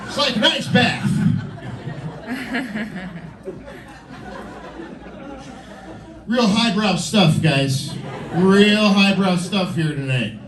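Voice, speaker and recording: A man's voice: sits high, expressive, very slow, long pauses. A man in his forties performing stand-up on a club stage, rambling and self-deprecating as he banters with the crowd. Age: 40s. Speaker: stand-up comedian. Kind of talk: stand-up comedy set. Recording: roomy club, from a distance.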